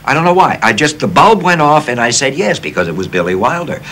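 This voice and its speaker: A man in his sixties from the United States, an actor guest telling stories in an animated, self-deprecating interview style. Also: medium pitch, a little fast, slight background noise. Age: 60s. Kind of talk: casual interview storytelling.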